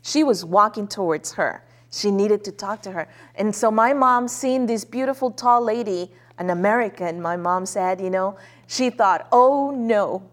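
A woman from Mexico shares a personal story as a guest, her voice sitting at a middle pitch. She talks casually and earnestly, pausing now and then on soft hesitant fillers.

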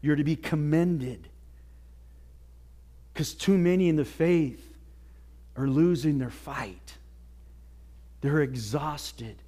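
A male pastor preaching a sermon with earnest exhortation, dropping to near whispers and rising to shouts. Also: fairly high pitch, takes it slowly, long pauses. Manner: swings from hushed to shouting.

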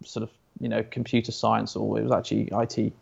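A man's voice: on the low side, little pitch movement, quick pace, vocal fry, darkish tone, breathy edge, highs cut off. A British man chatting as an interview guest, often stammering and restarting, telling stories. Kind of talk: casual interview chat.

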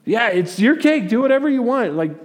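A man voicing a gruff, blunt middle-aged diner owner in a spoken story, with long hall reverb. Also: extremely high pitch, big pitch swings, fairly quick, voice pushed up. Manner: blunt, offhand.

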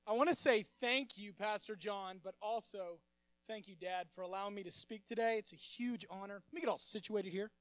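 High-voiced young preacher. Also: male voice, fairly quick, a bit bright, no room sound. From Texas. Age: 20s. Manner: stammering, repeats words, friendly and joking. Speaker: youth pastor. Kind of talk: sermon with casual storytelling. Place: church. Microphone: stage microphone.

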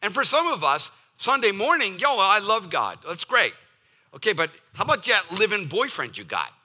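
A man's voice: sits high, sing-song, moderate pace, sharp tone. A middle-aged male pastor from the Boston area giving a conversational, jokey sermon, acting out the voices of his listeners.

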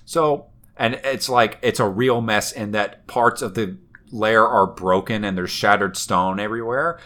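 Man, podcast co-host, casual chat, wry humor, lowish voice. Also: measured pace. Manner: animated storytelling, wry and swearing.

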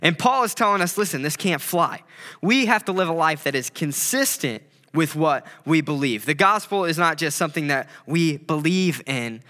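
A man's voice: fairly high pitch, lively intonation, normal speed, bright, forceful tone, in a large hall. A man preaching a sermon in a conversational way, retelling a parable with quoted voices. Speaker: pastor.

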